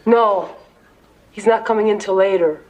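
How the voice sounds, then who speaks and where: A woman's voice: mid-range voice, moderate pace, a little mellow, natural voice. A woman playing a timid lovestruck young woman. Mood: shy. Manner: timid, hesitant. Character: shy young woman smitten with a coworker. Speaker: shop worker. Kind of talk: sitcom acting.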